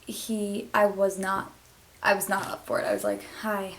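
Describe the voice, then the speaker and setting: A woman's voice: medium pitch, flat delivery, normal speed, a bit bright, rough recording. A teenage girl vlogging casually and heartfelt, rambling with lots of fillers as she talks. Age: teens. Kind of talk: casual confessional vlog.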